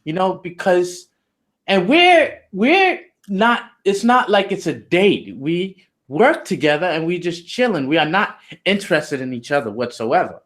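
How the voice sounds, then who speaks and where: A man's voice: sits high, sing-song, unhurried, fairly bright tone. A man being interviewed, telling a story in loose, slangy, profane casual talk with lots of "you know". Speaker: interview guest.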